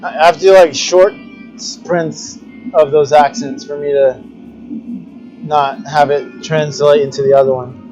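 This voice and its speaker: A man's voice: a little high, fairly even intonation, a little slow, a little mellow, lo-fi sound, soft background music. A man teaching glassblowing, chatting casually and musing philosophically as he works. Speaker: glassblowing instructor. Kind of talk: casual livestream chat while working.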